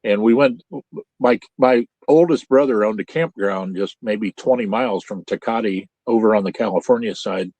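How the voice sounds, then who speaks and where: A man's voice: fairly low pitch, moderate pace, a little mellow, no echo. Older man from central Illinois, folksy rambling host, dry close sound. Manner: folksy, rambling storyteller with many restarts. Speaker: podcast host. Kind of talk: casual chat. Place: home trailer. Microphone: Starlink video call.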